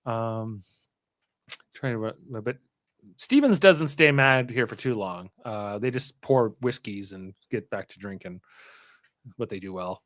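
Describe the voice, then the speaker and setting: A man hosting a podcast, casually recapping scenes and acting out characters' lines in quick voices. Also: fairly low pitch, fairly bright tone, no echo. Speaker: podcast host.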